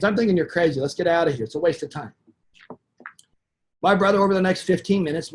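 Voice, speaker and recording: A man with a slightly raised speaking pitch tells a long sales story on a webinar. He talks in an animated, anecdotal way and acts out the quoted dialogue as he goes. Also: a little hiss or hum. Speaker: sales trainer.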